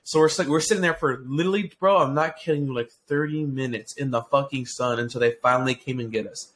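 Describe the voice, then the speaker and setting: A man's voice: medium pitch, fast talker, a little hiss or hum. A man co-hosting a casual podcast, telling a long rambling story full of swearing, restarts and fillers. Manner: excitable, profane storyteller. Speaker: podcast co-host.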